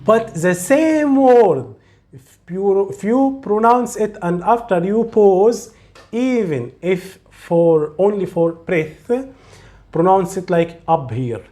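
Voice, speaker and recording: Slow, patient male teacher. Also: sits high, expressive, dark tone. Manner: slow, patient, demonstrates sounds and repeats them. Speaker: Arabic teacher. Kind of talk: slow, step-by-step recitation lesson.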